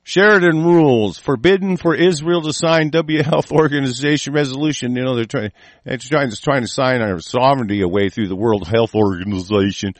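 An American man hosting an online show, delivering a profane, angry political rant that swings from muttering to shouting while sick. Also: medium pitch, normal speed, no echo. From United States.

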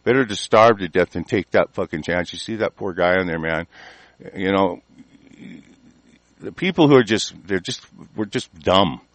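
A man's voice: low-pitched, moderate pace, no echo. A man ranting angrily as a talk show host, swearing constantly and laughing mockingly. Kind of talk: profane conspiracy rant.

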